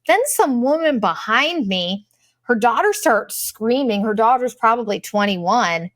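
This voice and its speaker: A woman's voice: on the high side, expressive, unhurried, fairly bright tone, no echo. A middle-aged woman telling a travel story in a casual, profane, exasperated and sarcastic way. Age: late 30s to 40s. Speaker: vlogger.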